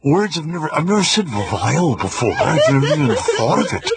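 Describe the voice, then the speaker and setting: A man's voice: high voice, very animated, slow pace, heavy background noise, pitched above the performer's own voice, exaggerated voice. A radio host voicing a quirky male actor with a lisp, his speech muffled by tissue held over his mouth, giggling as he goes. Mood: giggly. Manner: giggly, breathless wonder. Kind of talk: comic impression on talk radio.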